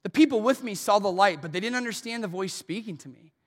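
Male pastor, high bright voice, animated sermon storyteller, big reverberant church hall. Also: quick pace. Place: church auditorium. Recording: long reverb of a large hall.

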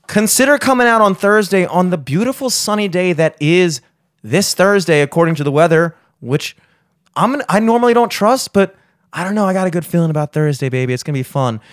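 A man's voice: high voice, animated, a little fast, no room sound, clean studio sound. A young man, a podcast host plugging his gigs in profane, joking, rambling banter. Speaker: podcast host and gigging musician.

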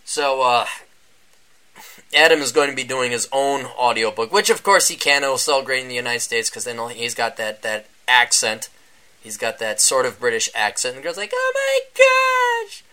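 Bright-voiced man hosting a rambling podcast. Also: moderate pace, smooth. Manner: rambling, sarcastic, mimics people in high mocking voices. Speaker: podcast host. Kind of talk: casual solo podcast monologue. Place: indoors during a power outage.

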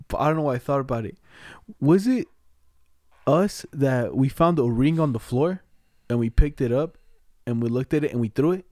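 A man's voice: a little high, a little mellow, no echo, studio quality. A young man rambling through school memories in casual, slangy chat. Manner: slangy, rambling, laughs often.

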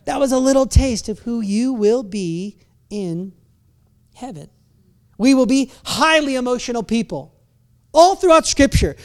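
A high-voiced pastor preaches during a church service, moving between hushed reflection and loud, forceful bursts. Restarted words and playful asides come up often.

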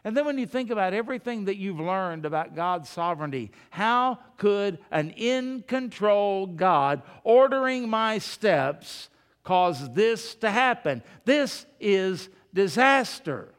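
A man's voice: high-pitched, animated, takes it slowly, a bit bright, clean tone, in a large hall. A man preaching a sermon in a conversational way, asking the congregation rhetorical questions and calling them folks. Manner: addresses the congregation directly as folks.

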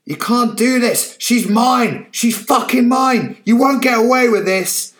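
A man voicing a crude, drunken old man who shouts and swears in a storybook reading. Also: fairly high pitch, lively intonation, slow pace, full character voice. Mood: furious. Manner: bellowing, swearing, slurred when waking.

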